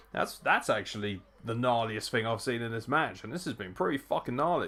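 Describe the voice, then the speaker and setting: A young man reacts live to a wrestling show, swearing freely and jumping between shouts and laughter. His voice sits at an ordinary middle pitch for a man, and his delivery is loose, unscripted commentary. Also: fairly quick, creaky, few pauses. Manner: excitable, swears a lot, bursts into laughter and shouts. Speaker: wrestling watchalong host.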